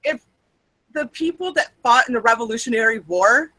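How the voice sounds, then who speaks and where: A woman's voice: fairly high pitch, animated, normal speed, sharp tone, no room sound, low-quality recording. A young adult woman co-hosting a podcast, chatting casually in a rambling, wry, self-mocking way. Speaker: podcast co-host. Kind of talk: casual chat.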